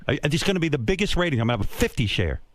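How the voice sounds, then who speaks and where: An older man hosting a radio show, telling a crude comic story with brash boasting and quick mocking voices. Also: fairly high pitch, very animated. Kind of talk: crude comedic radio banter. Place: radio studio.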